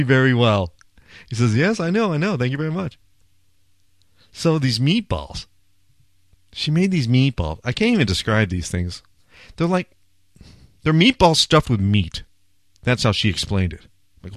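A food blogger, a man, tells a story in a relaxed, chatty monologue and often turns to speak straight to his listeners. His voice rises and falls with lively energy as he gets excited. The sound is dry and close, with no room echo. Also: mid-range voice.

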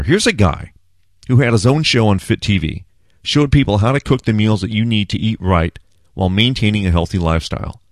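A man's voice: on the low side, no room sound, clean studio sound. A man hosting a home cooking show, talking casually and bluntly to the camera with some swearing. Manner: blunt, profane, energetic. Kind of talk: casual talk to camera, recipe instructions.

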